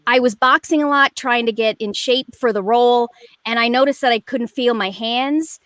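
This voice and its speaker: A woman in her forties, a guest performer telling a story in a rambling, animated way with lots of fillers over a video call. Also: a little high, normal speed, dry recording. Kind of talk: casual chat.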